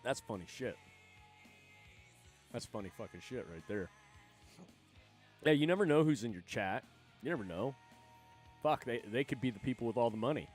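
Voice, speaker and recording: A man's voice: medium pitch, lively intonation, normal speed, pauses often, soft background music. A man chatting casually on his livestream, rambling, swearing freely and laughing often between thoughts. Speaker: livestream host.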